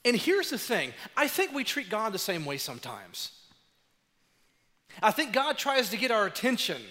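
A man preaching a sermon as pastor, animated and acting out dialogue as he tells stories. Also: high voice, normal speed. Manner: animated, acts out dialogue in storytelling. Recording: long hall reverb.

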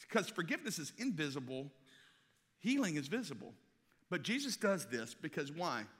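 A man preaching a sermon as a pastor, animated storytelling in which he acts out the other voices. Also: on the high side. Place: church auditorium. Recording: long reverb of a large hall.

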